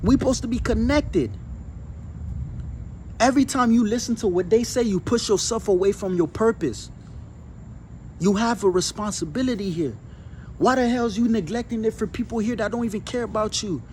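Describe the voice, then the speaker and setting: High-voiced man preaching outdoors. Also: a little hiss or hum. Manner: preachy, emphatic, repetitive; chanting affirmations. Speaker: spiritual speaker. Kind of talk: motivational spiritual talk. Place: outdoors on grass.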